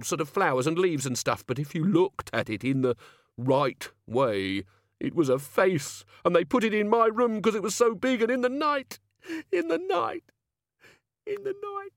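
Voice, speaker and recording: A man's voice: sits high, dry recording, studio quality, pitched above the performer's own voice. A man voicing a frightened male thug who stammers and quavers with dread. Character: terrified jittery male thug haunted by a childhood fear.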